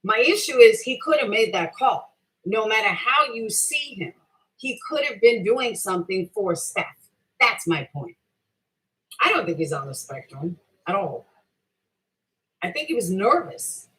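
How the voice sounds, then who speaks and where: Her mid-range voice has a sing-song, fairly bright quality and a measured pace, though the audio quality is poor. She's a middle-aged livestreamer answering chat in a heated, casual rant, swearing a lot, defending herself and hammering the same point.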